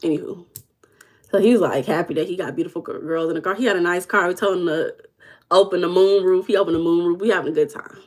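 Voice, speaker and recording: A woman's voice: lowish voice, fast. A young woman coach chatting casually with viewers, telling stories and calling them y'all. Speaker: manifestation coach answering viewers live. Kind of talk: casual livestream chat.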